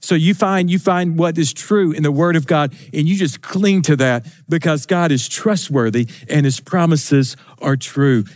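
Guy preaching a sermon, higher voice, dry close sound, lots of restarts and repeats. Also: a little slow, few pauses, a little mellow, no echo. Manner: earnest preaching with many restarts and repeated phrases; swings between raised and lowered pitch for emphasis. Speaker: pastor.

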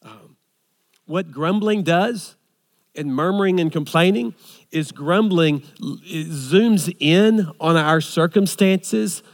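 A male pastor delivering a sermon with an earnest, rhythmic build of repeated phrases. His voice sits a little high for a man, and a long hall reverb trails each line. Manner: earnest, repetitive preaching cadence with frequent restarts and lists.

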